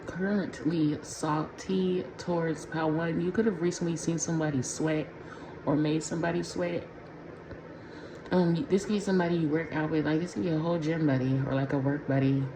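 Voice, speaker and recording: A woman doing a casual pick-a-pile tarot reading for her viewers, talking in a slangy, profane, conversational way from a room at home. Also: low voice. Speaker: tarot reader. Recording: echoey room with clear background noise.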